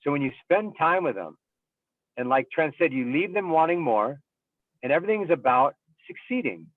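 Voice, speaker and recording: A baseball coach and scout in a casual panel discussion, explaining thoughtfully with everyday examples and frequent ums. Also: male voice, a little high, lively intonation, moderate pace, no echo. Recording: tinny phone-like line, dry.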